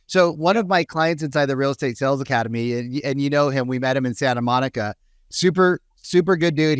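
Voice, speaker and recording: A man coaching real estate agents on a podcast, animated, acting out phone calls in quick voices. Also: medium pitch, clean tone, no room sound, studio quality. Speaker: sales coach, podcast co-host. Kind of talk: energetic coaching talk with acted-out quotes.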